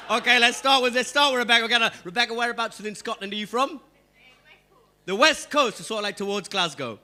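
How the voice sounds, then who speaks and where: A young Geordie man doing stand-up on a club stage, punchy, shouting his punchlines and talking straight to the crowd. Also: very high-pitched, fairly quick, slight background noise. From England. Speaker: stand-up comedian. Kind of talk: stand-up comedy set.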